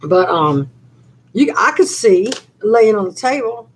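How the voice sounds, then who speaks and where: A woman's voice: mid-range voice, animated, slow pace, a little hiss or hum, poor audio. Chatty older woman rambling on a live stream. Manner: rambling, chatty storytelling with many fillers. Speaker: channel host on a live chat. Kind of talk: casual live-stream chat.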